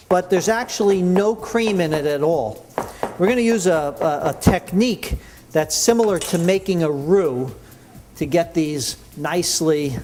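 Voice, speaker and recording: A man's voice: fairly high pitch, background noise. A man hosting a cooking show, chatting enthusiastically as he explains each step. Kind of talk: cooking demonstration.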